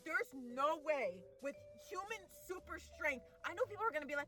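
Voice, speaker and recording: A woman's voice: high voice, animated, fairly quick, few pauses, pushed and bright, soft background music. A young woman ranting casually about a movie, exasperated and rambling, full of fillers and restarts, sometimes mocking characters in exaggerated voices. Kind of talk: casual rant.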